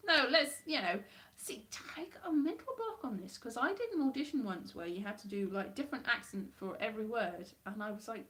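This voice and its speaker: A woman hosting a casual livestream from home, rambling, chatty and quick to laugh at herself. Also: mid-range voice, animated, a bit bright. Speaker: livestream host.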